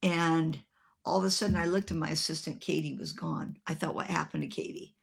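A woman preaching a sermon, telling a story with animated, humorous acted-out voices. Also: low voice, a little fast, gravelly, slightly rough.

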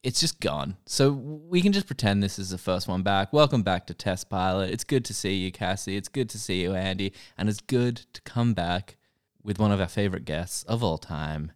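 Lively, sweary young man. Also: sits low, moderate pace, smooth, no echo, clean studio sound. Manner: swears a lot, jokey and blunt. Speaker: podcast co-host. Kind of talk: casual chat.

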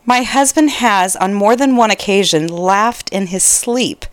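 A woman's voice: medium pitch, lively intonation, unhurried, dry recording. A woman co-hosting a podcast, casually reading out listener stories and laughing between them. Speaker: podcast co-host.

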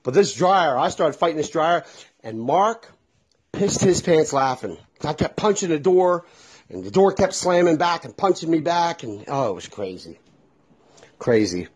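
A man's voice: on the high side, very animated, a little slow, husky. A middle-aged man telling a casual, exasperated story with lots of swearing. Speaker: vlogger.

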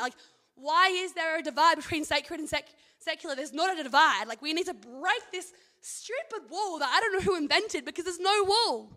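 This young woman's voice is very high-pitched. As a Christian university student, she gives a laid-back devotional, animated and eager in short, fast spurts.

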